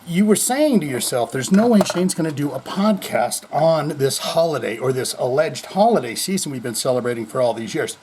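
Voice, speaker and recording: A man's voice: a little high, expressive, brisk, few pauses, background noise. A man hosting his own heavy metal news podcast from home, rambling and joking with a lot of swearing. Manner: rambling, jokey and profane with sudden swings in loudness. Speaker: podcast host. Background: people moving things around.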